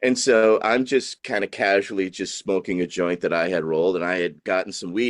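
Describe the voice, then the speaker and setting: A man from New Orleans telling a story in casual chat, acting out the people he quotes in high voices. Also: no echo, clean studio sound. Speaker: guest, dispensary owner.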